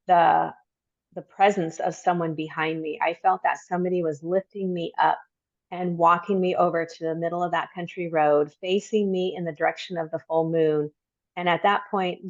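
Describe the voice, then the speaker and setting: A middle-aged woman telling a personal story as a podcast guest, reflective and halting, with many pauses. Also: fairly low pitch, no room sound, lo-fi sound.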